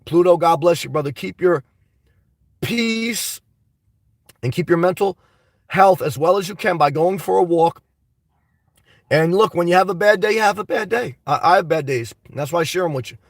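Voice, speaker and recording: Gravelly high-voiced man chatting with viewers. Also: a little fast, no room sound, clean studio sound, recorded from a distance. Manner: rambling, animated, talks straight to viewers. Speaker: live stream host reading viewer comments. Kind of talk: casual live chat.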